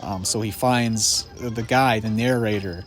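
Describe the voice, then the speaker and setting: A man rambles through a jokey movie recap while sitting outside. He goes off on tangents, and his pitch leaps upward whenever he gets worked up. Faint music sits behind him. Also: a little slow. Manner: rambling, jokey, animated with voice jumps. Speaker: video essay host. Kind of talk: casual comedic movie retrospective. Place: outdoors in a yard under a tree.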